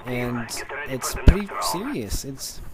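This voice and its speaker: A man telling a story in a casual, excited, rambling way over gameplay, restarting his sentences often. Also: medium pitch, slow, over loud music. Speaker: gaming channel commentator.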